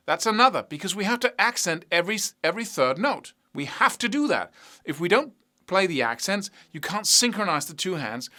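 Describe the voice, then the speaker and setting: Lively high-voiced man teaching guitar. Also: a little fast. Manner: animated, explains with boxing and jumping analogies, asks rhetorical questions. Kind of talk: instructional talk to camera.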